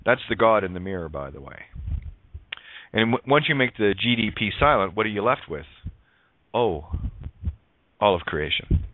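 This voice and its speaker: A man's voice: fairly low pitch, animated, normal speed, long pauses, dry recording. A man hosting a talk radio show, delivering an emphatic, sarcastic, preachy spiritual monologue full of wordplay and swearing. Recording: tinny phone-line radio audio.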